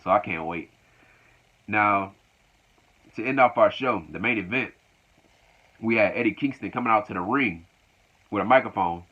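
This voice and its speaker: A man's voice: fairly low pitch, normal speed, long pauses, bright, forceful tone, husky. A man recapping a wrestling show casually, in a loose, repetitive retelling. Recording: dull lo-fi recording.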